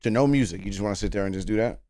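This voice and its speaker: A man's voice: fairly low pitch, racing, warm tone, no echo, clean studio sound. A man chatting casually and playfully on a live stream while reacting to a video, often laughing.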